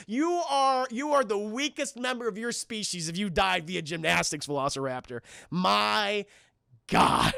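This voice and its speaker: Animated high-voiced man reviewing a film. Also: a little slow, vocal fry, no room sound, clean studio sound. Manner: animated, swearing, doing silly character voices. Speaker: streamer reviewing a film with his chat. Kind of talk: casual film review chat.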